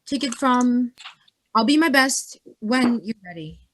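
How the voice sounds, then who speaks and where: A woman's voice: fairly high pitch, expressive, measured pace, fairly bright tone, a little hiss or hum. A woman playing a blunt, directive actor who leads a rehearsal in a stage play. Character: bossy female actor leading the rehearsal.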